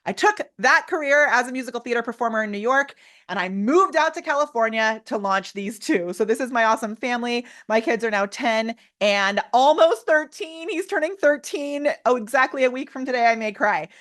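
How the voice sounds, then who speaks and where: A woman in her thirties presenting a live online workshop with energetic, theatrical, over-the-top enthusiasm. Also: fairly high pitch, brisk. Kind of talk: live webinar teaching.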